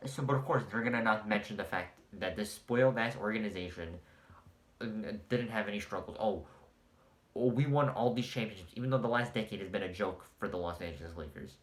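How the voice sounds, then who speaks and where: A man's voice: lowish voice, fast, reverberant. A man ranting in a heated, sarcastic and profane sports vlog, mocking fans of a basketball team. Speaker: sports commentator.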